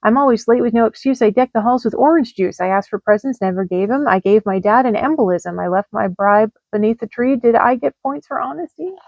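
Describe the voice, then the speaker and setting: A fairly high-voiced woman reads rhyming holiday letters in a lively sing-song way. The recording is dry and a little dull. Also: a little fast, vocal fry, hardly any pauses, no echo. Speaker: storyteller.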